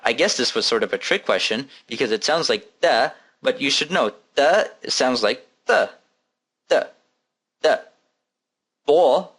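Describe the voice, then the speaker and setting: A man teaching an Arabic lesson, repeating each word slowly and patiently and counting its letters aloud. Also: medium pitch, a bit bright. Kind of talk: recorded language lesson.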